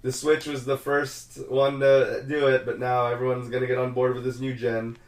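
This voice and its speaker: A man hosting a podcast, chatting casually about gaming news with relaxed, rambling delivery. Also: mid-range voice, normal speed, roomy sound. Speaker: podcast host.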